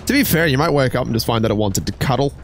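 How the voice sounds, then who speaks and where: A man's voice: medium pitch, expressive, very fast, slight background noise. A man streaming a game, rambling and joking with chat in casual gameplay commentary.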